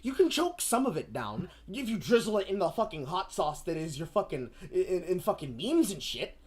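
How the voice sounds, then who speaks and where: A woman streamer ranting in casual commentary, profane and animated, often slipping into mocking voices. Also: fairly low pitch, moderate pace, breathy edge.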